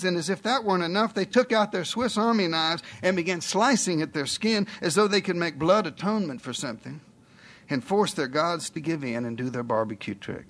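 A man with a high voice preaches a sermon. He tells the story in a folksy way and keeps cracking jokes as he goes. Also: expressive, moderate pace, fairly bright tone.

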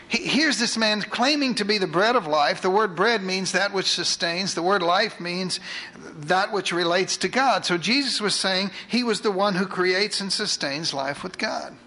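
A man preaching a sermon, retelling scripture with lively asides to his congregation. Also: high voice, low-quality recording. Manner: animated storytelling with asides to the congregation.

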